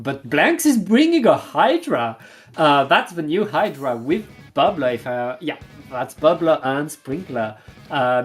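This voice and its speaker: An esports co-caster giving color commentary, speaking hesitantly with frequent fillers and restarts. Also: medium pitch.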